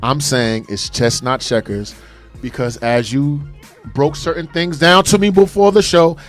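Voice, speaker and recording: A man's voice: fairly high pitch, steady tone, a little slow. Male co-host, earnest and emphatic call-in radio talk, faint music bed. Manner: earnest, emphatic, says "brother".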